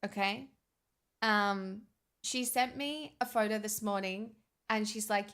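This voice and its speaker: A young woman streams and chats casually with her viewers, bantering in a sarcastic way. Her medium-pitched voice is a bit bright, and she speaks slowly.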